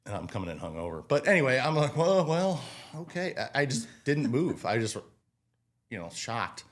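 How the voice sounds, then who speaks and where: A man in his twenties, a restaurant manager as a podcast guest, telling work stories in a casual, animated way and acting out what people said. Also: mid-range voice, moderate pace. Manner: animated storyteller, acts out quotes, swears casually. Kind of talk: casual interview storytelling.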